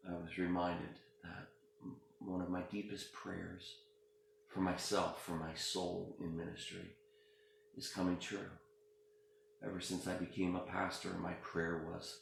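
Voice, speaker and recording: A man who is a pastor, talking through a personal story in a halting, emotional way with many restarts. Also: deep voice, completely flat delivery, vocal fry, very echoey, a little hiss or hum. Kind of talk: personal reflective talk.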